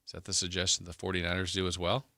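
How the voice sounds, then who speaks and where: Deep, bright-toned man hosting sports radio. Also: monotone, very fast, dry recording, clean studio sound. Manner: rambling, thinks aloud. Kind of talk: casual sports radio talk.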